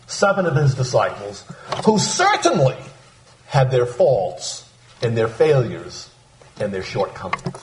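A man's voice: fairly high pitch, reverberant, slight background noise. A man preaching a sermon, walking through a scripture passage and acting out the disciples' lines. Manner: animated, acts out voices of disciples.

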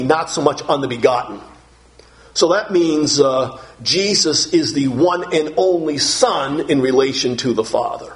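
A man preaching a sermon, emphatic, piling up synonyms and rising to shouts on key words, and putting questions to the congregation. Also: on the high side, animated, unhurried. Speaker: pastor.

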